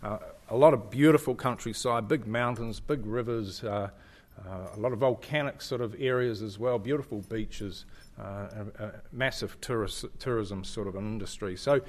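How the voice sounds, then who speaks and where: With a fairly low pitch and moderate pace, a middle-aged New Zealand man talks to a congregation over slides as a guest church speaker. He is chatty and jokes around, frequently using fillers and restarting.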